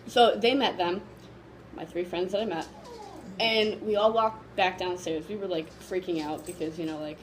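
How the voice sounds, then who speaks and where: A woman vlogger casually telling a story to camera, excited and gushing, rambling with lots of fillers. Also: mid-range voice, moderate pace, slight background noise, low-quality recording.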